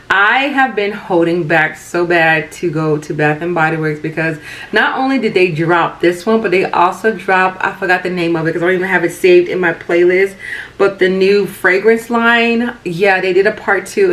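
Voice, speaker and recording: A woman in her thirties, hoarse with a cold and sounding raspy, chatting casually and rambling with many fillers as a beauty vlogger. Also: on the low side, fairly bright tone. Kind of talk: casual chat.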